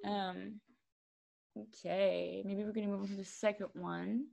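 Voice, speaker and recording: A woman's voice: medium pitch, level tone, measured pace, gravelly, mellow. Chatty young woman from Luxembourg. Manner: chatty, loose, trailing fillers. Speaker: quiz round host. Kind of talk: casual online quiz chat.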